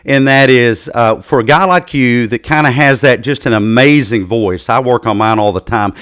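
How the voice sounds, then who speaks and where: A man's voice: medium pitch, normal speed, fairly bright tone, smooth, no room sound, studio quality. A man hosting a live interview show on a video call, upbeat and enthusiastic. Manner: upbeat and enthusiastic, with some fillers. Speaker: podcast host.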